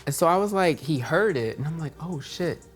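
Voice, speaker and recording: A man's voice: a little high, quick pace. A man from Houston, a guest author chatting casually and bluntly on a comedy talk show. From Houston, Texas. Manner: animated, candid and playfully blunt.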